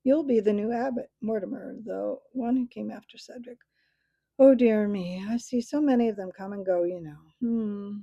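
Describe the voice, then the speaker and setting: A woman voicing a very old, absent-minded male mouse who keeps records, speaking in a squeak barely above a whisper. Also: moderate pace, gravelly, warm tone, no echo, muffled recording. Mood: fussy.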